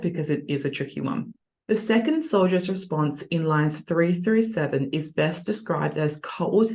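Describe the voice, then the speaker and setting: A young adult woman teacher with a low, darkish voice leads an online tutoring lesson on reading test answers. She's chatty and reassuring and acts out voices for the examples.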